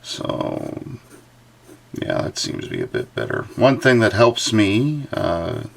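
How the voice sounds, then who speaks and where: Deep gravelly man sketching on stream. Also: huge pitch swings, slow pace. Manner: rambling, thinks aloud with many fillers. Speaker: artist livestreaming a drawing session. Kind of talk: casual running commentary while drawing.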